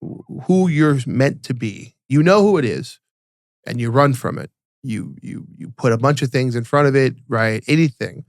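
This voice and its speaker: Gravelly dude cohosting a podcast, dry close mic, gets animated telling stories. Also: male voice, moderate pace, dry recording. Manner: animated storyteller, acts out quotes in a higher voice; repeats and restarts words. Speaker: podcast co-host. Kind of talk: casual podcast chat.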